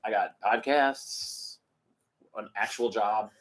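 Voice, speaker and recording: A man in his thirties co-hosting a podcast in casual recap chat. He is animated, swears freely and drifts into tangents. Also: lowish voice, slow pace. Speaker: podcast co-host.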